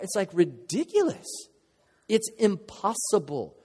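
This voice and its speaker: A man's voice: a little high, lively intonation, normal speed, a little mellow. Earnest preacher man in a reverberant hall. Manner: earnest, conversational, emotional, with playful asides. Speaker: pastor. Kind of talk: sermon. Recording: long reverb of a large hall.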